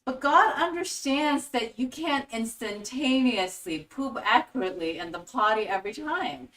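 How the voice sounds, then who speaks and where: A woman hosting a spiritual teaching talk in a fairly high voice, animated and acting out little scenes as she explains. Her voice sounds set back from the mic in a roomy, echoey space. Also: normal speed. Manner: animated storytelling with acted-out quotes. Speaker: host. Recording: echoey room, voice from a distance.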